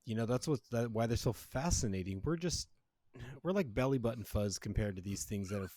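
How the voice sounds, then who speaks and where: A man's voice: on the low side, expressive, fairly quick, warm tone, no echo, studio quality. Rambling, swearing man podcaster. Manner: rambling and profane, with frequent fillers. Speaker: podcast co-host. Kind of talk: casual chat.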